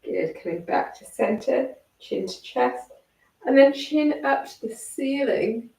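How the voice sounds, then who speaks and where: A croaky woman instructor talks a class through gentle neck and shoulder stretches, calm and encouraging. Her voice has a gravelly edge, and she sounds a little far from the mic in an echoey room. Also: high-pitched, takes it slowly. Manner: calm, encouraging step-by-step cueing. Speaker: fitness instructor.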